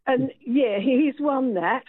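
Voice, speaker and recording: A woman's voice: high-pitched, measured pace, breathy edge, dry recording. A woman calling in to a radio show, telling a story in a chatty, hesitant way. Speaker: caller. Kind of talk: telling an anecdote on a radio call-in. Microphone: telephone. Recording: tinny phone line.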